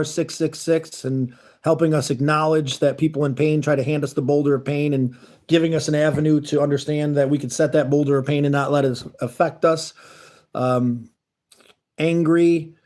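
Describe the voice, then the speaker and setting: A man's voice: fairly high pitch, a little mellow. A man hosting a casual livestream, talking earnestly and rambling as he reads and answers chat messages. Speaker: livestream host. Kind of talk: casual live-stream chat.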